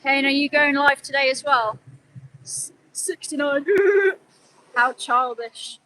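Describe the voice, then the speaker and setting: Livestreaming from outside, an animal rights activist talks slowly in a high, steady, bright voice with a forceful edge. Her earnest commentary swings between begging and reprimanding the people in her chat. The recording is rough, with slight background noise.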